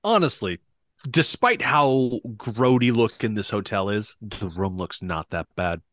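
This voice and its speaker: Laid-back man with a lively voice. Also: lowish voice, measured pace. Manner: laid-back, brief agreeing interjections. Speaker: podcast co-host. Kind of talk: casual movie podcast chat.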